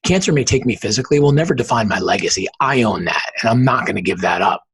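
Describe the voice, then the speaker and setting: A man's voice: mid-range voice, animated, fast, fairly bright tone, slightly rough, rough recording. A man in his forties, a podcast guest, telling a personal story in an earnest, emphatic way.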